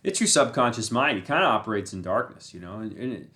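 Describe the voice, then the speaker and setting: A man's voice: fairly low pitch, lively intonation, fast talker, bright, forceful tone. Chatty man musing on the mind. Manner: rambling, conversational, often asks "right?"; breaks into laughter, repeats phrases for emphasis. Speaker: channel host. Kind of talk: casual spoken talk on Buddhism and the mind.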